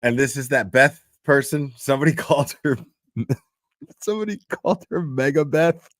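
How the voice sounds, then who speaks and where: A man's voice: medium pitch, normal speed, no echo, studio quality. A man hosting a show, giving casual commentary on a played video in a chatty, profane way and laughing often. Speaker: host.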